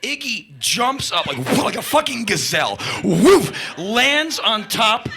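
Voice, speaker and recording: Animated profane storyteller, high bright voice. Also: male voice, measured pace, slight background noise. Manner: animated, profane, shouted sound effects. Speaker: spoken-word performer. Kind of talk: live spoken-word storytelling. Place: live stage before an audience.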